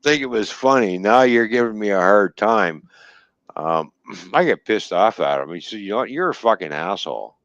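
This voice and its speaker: Male trucker, low voice with a wide swing, salty casual storyteller, dry lo-fi mic. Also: normal speed, no echo. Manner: profane, laughing, animated retelling with quoted dialogue. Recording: dull lo-fi dry stream audio.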